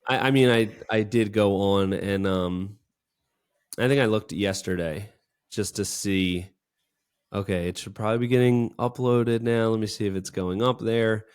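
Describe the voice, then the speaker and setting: A man's voice: fairly low pitch, fairly even intonation, unhurried, a little mellow, clean tone. A man co-hosting a casual business podcast, talking in an enthusiastic, praising, rambling way. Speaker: podcast co-host. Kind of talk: casual chat.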